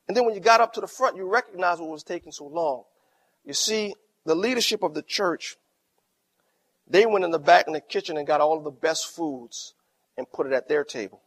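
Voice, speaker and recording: A middle-aged man preaches as pastor in a fairly high voice. He drops to near quiet in his stories, then rises into loud, emphatic lines. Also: a little fast. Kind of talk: sermon.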